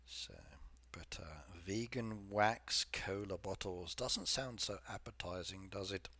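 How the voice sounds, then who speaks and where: A man's voice: deep voice, slow pace, pushed and bright, dry recording. A man chatting casually with viewers on a game live stream, rambling from topic to topic and reading comments aloud. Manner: frequent fillers and repeated yeses.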